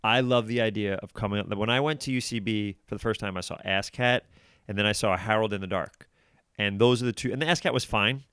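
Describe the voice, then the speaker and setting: Low, smooth-voiced man telling stories. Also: brisk, no room sound, studio quality. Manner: animated storytelling, acts out quotes. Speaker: guest comedian. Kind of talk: casual podcast conversation.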